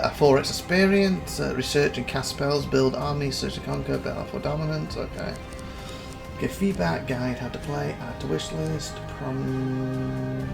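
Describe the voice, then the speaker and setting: A man's voice: mid-range voice, creaky. A man casually commentating a game demo, rambling and thinking aloud as he reads through menus. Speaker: gaming channel host. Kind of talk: casual let's-play commentary. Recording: voice over loud game music.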